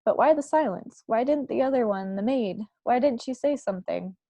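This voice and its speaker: A woman reading a children's novel aloud to a book club in a steady storytelling manner. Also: fairly high pitch, moderate pace, dry recording.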